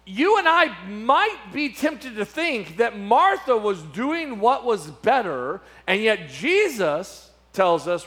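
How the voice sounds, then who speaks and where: A middle-aged man preaching from the pulpit in a high, ringing voice. He repeats his key phrases and leans into dramatic pauses. His volume rises and falls as he drives each point home. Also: sing-song, sharp tone. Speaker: pastor. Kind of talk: sermon.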